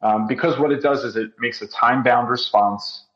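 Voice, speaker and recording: A man's voice: medium pitch, moderate pace, fairly bright tone, dull audio. A man appearing as a physician guest on a podcast, explaining at length with many ums. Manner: explanatory, filler-heavy. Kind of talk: conversational interview.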